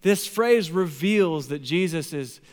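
Pastor guy preaching, kinda high voice, big echo from the hall, goes loud then real quiet. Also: slow. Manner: storytelling, animated swings from loud to hushed. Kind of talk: sermon. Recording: long hall reverb.

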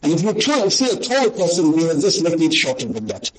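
A man giving a sermon, reciting Arabic quickly and then explaining it in English in an earnest storytelling way. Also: on the high side, sing-song, rough recording. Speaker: Islamic teacher. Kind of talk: sermon on the Prophet's qualities.

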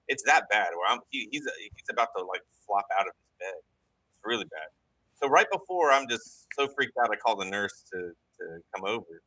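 Earnest man with a bright, low voice. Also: lively intonation, slightly rough, low-quality recording. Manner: earnest, halting, many restarts. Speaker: guest. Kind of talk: telling a personal story in an interview.

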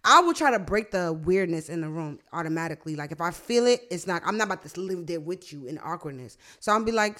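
Profane, animated young woman telling stories. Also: lowish voice, fast, few pauses. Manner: animated storytelling, profane, acts out quotes. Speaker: podcast host. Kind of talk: casual chat.

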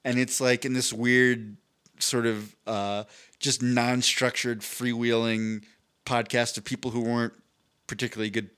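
A podcast co-host spins a long story during casual chat, rambling, swearing, and animatedly acting out what people said. His mid-range voice is clear and resonant, and he speaks a little slowly.

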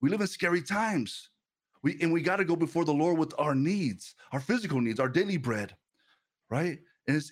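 A male pastor preaches a sermon at an ordinary middle pitch in a loose, conversational style. He tells personal stories, repeating words and restarting sentences, and laughs now and then.

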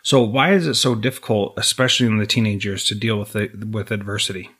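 A man's voice: fairly low pitch, steady tone, a little fast, fairly bright tone, husky. A man hosting an interview, talking in an earnest, reflective way with small restarts. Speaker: podcast host interviewing a guest. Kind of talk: conversational interview.

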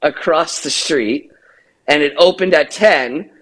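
A man's voice: on the high side, slow pace, fairly bright tone. A middle-aged man co-hosting a podcast, telling a rambling, profane story with laughs. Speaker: podcast co-host. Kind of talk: casual storytelling.

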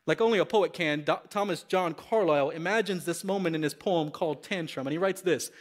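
A man preaching a sermon, reading scripture with dramatic, animated intensity. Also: on the high side, a little fast, few pauses.

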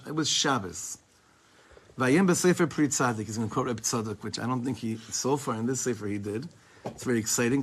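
A man giving an informal Torah class, talking conversationally and quoting Hebrew texts. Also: mid-range voice. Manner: conversational, restarts and quotes in Hebrew. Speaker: Torah teacher.

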